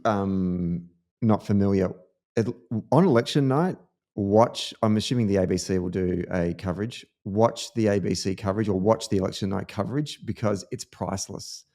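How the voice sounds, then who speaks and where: Australian male podcast host, chatty and animated, trades campaign yarns. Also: on the low side, normal speed. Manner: animated storyteller, lively anecdotes. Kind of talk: casual political chat.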